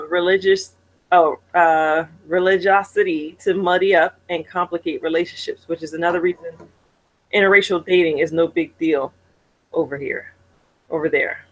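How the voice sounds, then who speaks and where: A woman co-hosting a casual chat show, reading viewer comments and telling stories in a candid, animated way. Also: lowish voice, poor audio. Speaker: podcast co-host.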